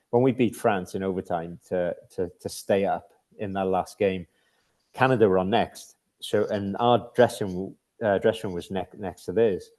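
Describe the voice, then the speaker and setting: A man's voice: on the low side, mellow. A middle-aged British man telling hockey stories as a podcast guest, rambling with many restarts and laughing at his own tales. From Britain. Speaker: podcast guest, former ice hockey captain. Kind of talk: casual storytelling chat.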